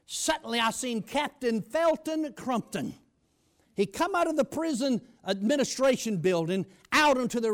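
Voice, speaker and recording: A man preaching A pastor telling his testimony from the pulpit in a high, gravelly voice. His pitch leaps and dips all over the place, and his folksy storytelling keeps erupting into loud shouts. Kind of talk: testimony sermon.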